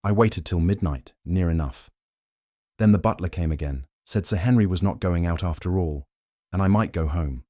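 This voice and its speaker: A man voicing a nervous, lower-class coachman who stammers and hurries his words. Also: normal speed, warm tone, dry recording, clean studio sound.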